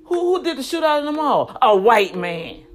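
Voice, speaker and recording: A woman's voice: high voice, big pitch swings, moderate pace, soft background music. A woman in her fifties giving heated, indignant commentary straight to her viewers, often repeating words as she gets worked up. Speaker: vlogger.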